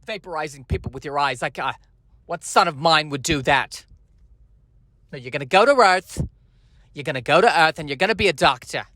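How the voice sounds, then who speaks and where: A man's voice: fairly high pitch, fairly quick, pauses often, pushed and bright, no echo. A man voicing a fussy, nagging middle-aged alien mother who scolds in a fretful way. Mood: scolding.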